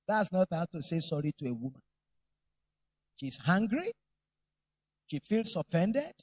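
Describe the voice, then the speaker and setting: Animated preacher with a lively voice. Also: male voice, high-pitched, moderate pace, pauses often, dry recording. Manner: animated, humorous storytelling. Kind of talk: sermon.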